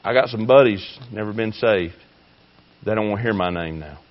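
A man preaching a fiery sermon, swinging between shouting and hushed tones. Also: lowish voice, normal speed, highs cut off. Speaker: pastor.

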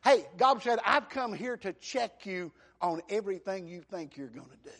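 A man preaching a sermon, acting out the voices he quotes and swinging from loud to hushed. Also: high-pitched, expressive, moderate pace, few pauses.

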